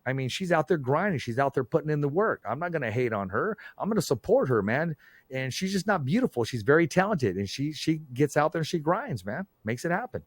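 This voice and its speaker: Animated man telling stories, dry sound. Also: fairly high pitch, brisk, breathy edge, no room sound. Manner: animated storyteller, frequent "man" and "bro". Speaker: podcast host. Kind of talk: casual conversation.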